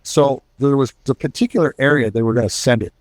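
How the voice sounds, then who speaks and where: A man's voice: medium pitch, quick pace, no echo. A middle-aged man, a retired military pilot and author, telling casual war stories to an audience and acting out the voices of the people in them. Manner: storytelling, acts out quoted voices.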